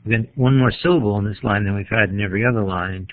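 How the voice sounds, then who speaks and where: Tinny-sounding New lecturer. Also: male voice, fairly low pitch. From New England. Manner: measured, explanatory, pauses to think. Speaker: literature teacher. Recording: tinny phone-like lo-fi recording.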